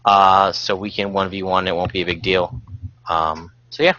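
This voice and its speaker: A male podcast host with a low voice and a relaxed, rambling manner full of fillers. His tone is bright and forceful. The sound is dry and a little dull and lo-fi. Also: normal speed, dry recording. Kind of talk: casual podcast chat.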